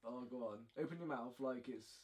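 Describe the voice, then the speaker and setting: A man's voice: mid-range voice, fairly quick, darkish tone. Young man, crude joker. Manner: crude joking, rambling. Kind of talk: casual chat among friends.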